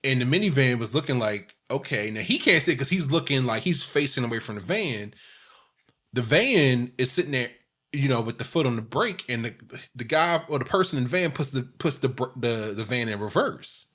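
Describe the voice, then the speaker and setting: A man, co-hosting a podcast in casual chat, telling stories with halting restarts and laughing as he goes. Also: medium pitch, lively intonation, fairly bright tone. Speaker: podcast co-host.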